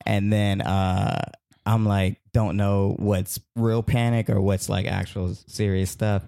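A man telling a long, rambling story as a podcast guest, animated and full of fillers. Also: on the low side, slow, vocal fry, smooth, no room sound, clean studio sound. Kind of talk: casual storytelling.

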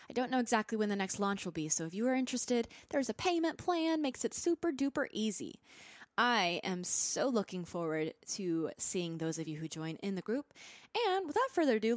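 A woman's voice: mid-range voice, dry recording, clean studio sound. A woman hosting a podcast, giving an upbeat, bubbly promo before introducing her guest. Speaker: podcast host.

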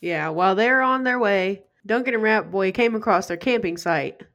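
A woman co-hosting a casual movie podcast, calmly summarizing the plot in an easygoing way. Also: medium pitch, normal speed, lo-fi sound. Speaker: podcast co-host. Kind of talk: casual movie recap chat.

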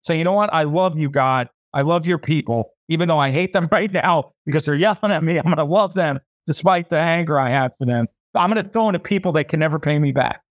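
A man's voice: a little high, fairly quick, few pauses, no echo. Man, podcast host, fervent faith talk, preachy, repeats himself, dry close sound. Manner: voices imagined listeners.

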